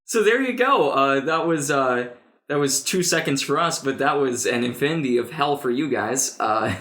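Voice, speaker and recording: A young man hosting a casual gaming podcast, chatty and quick to laugh. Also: medium pitch, lively intonation, a bit bright, slight background noise. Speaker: podcast host. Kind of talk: casual chat.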